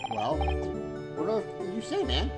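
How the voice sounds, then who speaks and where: A woman's voice: on the low side, wildly swooping pitch, a little slow. A woman live-streaming as she reads game dialogue aloud, theatrical and switching between character voices. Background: loud music.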